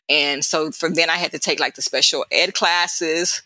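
Woman, middle-aged, interview guest, lively personal storytelling, acts out quotes, bright tense voice, dry close sound. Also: low-pitched, moderate pace, dry recording, rough recording. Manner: animated, laughing storyteller who acts out voices; casual and chatty, addresses the hosts directly.

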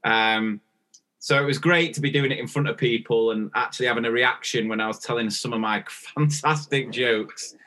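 Bright-voiced chatty man. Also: mid-range voice, moderate pace. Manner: chatty storytelling, acts out dialogue. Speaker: podcast co-host. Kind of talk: casual chat.

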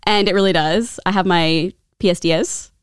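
A woman's voice: fairly low pitch, fairly even intonation, moderate pace, clear, resonant tone, dry recording, clean studio sound. A woman co-hosting a podcast, chatty and giggly, playfully trying out jokes. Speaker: podcast co-host. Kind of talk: casual chat.

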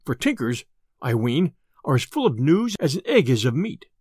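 A man's voice: medium pitch, big pitch swings, normal speed, darkish tone, husky, dry recording, clean studio sound, pitched below the performer's own voice. A man voicing a bold, merry outlaw who teases and jokes in old-fashioned English. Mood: teasing. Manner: teasing, hearty. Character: merry jesting young male outlaw, bold and playful.

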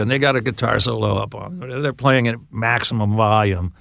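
An older man, a songwriter guest on an interview show, telling stories in a halting, laughing way. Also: fairly low pitch, creaky, a bit bright, dry recording, studio quality. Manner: halting, restarts phrases, laughs while telling. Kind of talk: casual storytelling interview.

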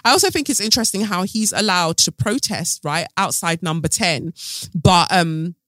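A man's voice: sits high, normal speed, sharp tone, no echo. A man hosting a podcast, chatting through celebrity gossip with sassy, sarcastic asides. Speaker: podcast host. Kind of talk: casual gossip commentary.

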